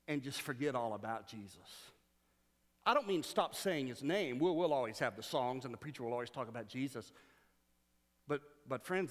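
A man preaching a sermon, telling stories with playful sarcasm and then turning earnest and quiet. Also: mid-range voice. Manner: animated storytelling with playful sarcasm. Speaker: pastor. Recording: long hall reverb.

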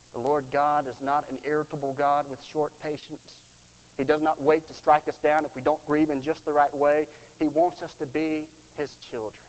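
A man with a high voice delivers a heartfelt funeral sermon and sinks to a near whisper on tender lines. His voice rings through a church sanctuary with a long reverb. The recording is muffled. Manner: earnest, dropping to a hush for tender lines. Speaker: pastor.

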